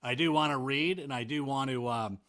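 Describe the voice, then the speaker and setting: A man talking as a guest in a casual interview, animated, rambling and self-mocking. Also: mid-range voice, normal speed. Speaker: interview guest, NFL analyst.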